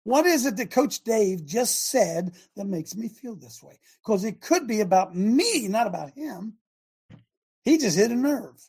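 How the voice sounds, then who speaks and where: A middle-aged man hosting a talk show, speaking in an animated, emphatic way with lots of repetition. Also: high-pitched, measured pace, slightly rough. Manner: animated, emphatic, repeats himself, often laughs. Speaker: show host. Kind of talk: casual talk show monologue.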